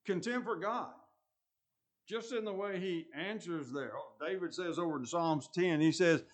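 A man preaching a sermon, stressing points loudly, then dropping to quiet asides, and often repeating his phrases. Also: high voice, normal speed.

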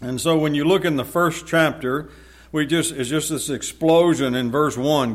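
A man's voice: on the high side, normal speed. A man preaching a sermon, reading scripture aloud with rising force and then explaining it conversationally.

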